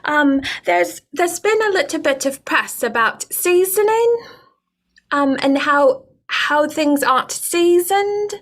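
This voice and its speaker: A woman's voice: sits high, expressive. A woman playing a gushing, overly sweet lady. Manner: sweet, slow, politely gushing. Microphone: video call.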